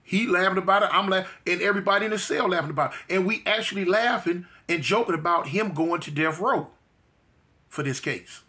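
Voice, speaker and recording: A man's voice: sits high, brisk, pushed and bright. A middle-aged man from telling his life story in slangy street talk, full of fillers. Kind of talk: casual storytelling.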